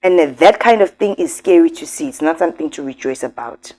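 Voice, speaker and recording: A woman's voice: low-pitched, expressive, a little fast, few pauses, warm tone. A woman hosting a commentary vlog, talking emphatically and straight to her viewers. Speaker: commentary host.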